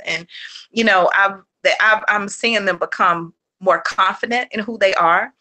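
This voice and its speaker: Bright, chatty homeschooling mom. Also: female voice, mid-range voice. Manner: rambling and animated, full of fillers, restarts and quick laughs; acts out her kids' lines in a raised voice. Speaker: homeschooling mother, podcast guest. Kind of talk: casual interview chat.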